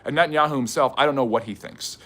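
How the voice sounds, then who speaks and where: A man's voice: mid-range voice, fast, bright, forceful tone. A man hosting a live history stream, reading viewer questions aloud and answering them in a chatty way. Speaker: history channel host.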